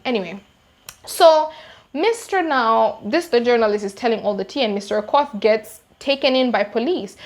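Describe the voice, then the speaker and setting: A young Kenyan woman with a Kenyan English accent recounting a true-crime case in an animated, slangy, emphatic way. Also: a little high, normal speed. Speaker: YouTuber. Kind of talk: true-crime storytime vlog.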